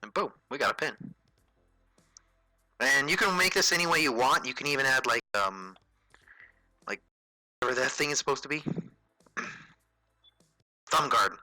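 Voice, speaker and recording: A man with a very bright, sharp-edged voice at an ordinary middle pitch walks viewers through a digital drawing in an easygoing livestream tutorial. He thinks aloud, dropping fillers and correcting himself as he goes. The sound is dry and close, with faint music underneath. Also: moderate pace, pauses often, no room sound, low-quality recording. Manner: relaxed, chatty, thinks aloud with frequent fillers and self-corrections. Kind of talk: casual livestream tutorial, narrating while drawing.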